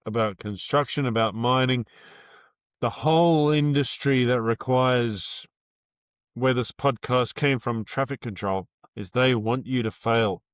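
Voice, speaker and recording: A man's voice: medium pitch, unhurried, smooth, no echo, clean studio sound. A man hosting a casual podcast chat, agreeing and chiming in.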